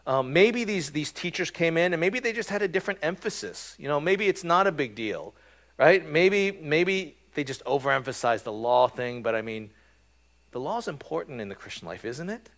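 A man preaching a sermon in a relaxed, conversational way, often checking in with his listeners with "right?" and filling pauses with "um". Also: fairly high pitch. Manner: conversational, frequent "right?" and "um" fillers. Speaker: pastor.

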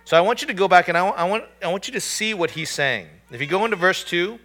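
A man preaching a sermon with a bright, forceful tone that sits a little high. He talks conversationally and with emphasis, often restarting and repeating words as he works toward his point. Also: expressive, quick pace, soft background music. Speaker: pastor.

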